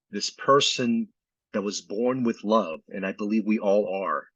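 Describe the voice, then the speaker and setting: Earnest, husky-voiced man from Vietnam. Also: fairly low pitch, a bit bright, dry recording. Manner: earnest, reflective storytelling. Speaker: guest, physician. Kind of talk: personal story in a podcast interview. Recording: slightly dull lo-fi sound.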